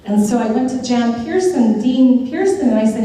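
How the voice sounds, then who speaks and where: At her appointment ceremony, a middle-aged woman judge speaks with gratitude, animated and at a moderate pace, in a mellow, fairly high voice. Her stories are heartfelt with flashes of humor, and the distant pickup leaves the audio roomy, with a long hall echo.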